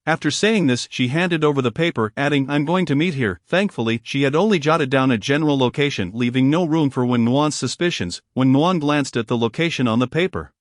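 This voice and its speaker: A man reading a novel aloud as narrator, in an even, measured storytelling manner. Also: mid-range voice, dry recording, studio quality. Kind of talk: audiobook reading of a romance novel.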